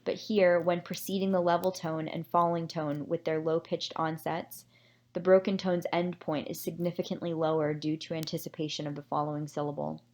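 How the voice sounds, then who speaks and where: Lower-voiced woman presenting research. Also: level tone, a little mellow. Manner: measured, explanatory, with occasional fillers. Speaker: presenter summarizing a research paper. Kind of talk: scripted academic presentation.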